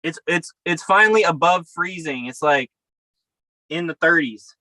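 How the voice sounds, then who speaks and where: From his camper beside a river outdoors, a man co-hosts a podcast over a video call, chatting casually in a profane, upbeat, rambling way. His voice is a little high, bright, and forceful at a measured pace, in a dry recording with poor audio.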